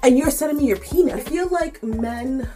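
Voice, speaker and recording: A young woman vlogger telling a casual story-time tale, sassy and animated, with bursts of mock outrage. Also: high-pitched, moderate pace, faint music behind.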